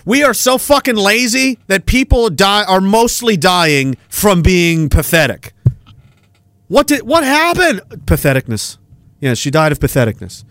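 A man rants crudely on his podcast, swearing and mocking as he goes. His voice sits high and bright, with a sharp edge. The recording is dry and close. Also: normal speed, dry recording. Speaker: podcast host. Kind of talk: ranting commentary.

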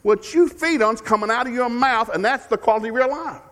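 A middle-aged man preaching a sermon as a guest speaker. He is folksy and humorous and repeats key phrases. He moves between loud, emphatic preaching and quiet, confiding storytelling. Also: very high-pitched, brisk. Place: church sanctuary. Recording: long hall reverb in a church.

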